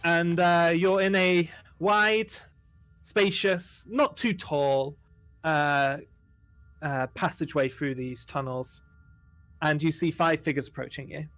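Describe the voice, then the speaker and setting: A man's voice: fairly high pitch, steady tone, takes it slowly, fairly bright tone, faint music behind. A man running a tabletop game as game master, narrating in a rambling way full of fillers.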